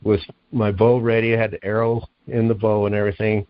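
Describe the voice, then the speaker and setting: A man, the guest author, telling a long story in an interview, animated and acting out the lines he quotes. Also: on the low side, fairly quick, dry recording, muffled recording, soft background music.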